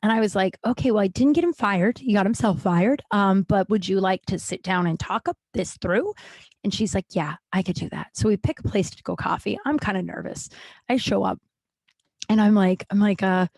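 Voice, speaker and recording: Candid woman podcaster, mid-pitched, chatty storyteller with restarts and swearing, dry recording. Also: moderate pace, a little mellow, dry recording. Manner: frank, chatty, acts out quoted people with pitch jumps; profane, lots of likes and restarts. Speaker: podcast host.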